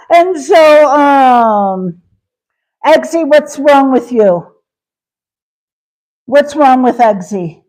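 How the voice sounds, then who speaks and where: Slow-talking chatty woman cooking live. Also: high voice, expressive, darkish tone, rough recording. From Wyoming. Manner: chatty, reads and answers viewer comments aloud; folksy sayings, many fillers. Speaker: cooking livestream host. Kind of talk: casual live-stream chat while cooking.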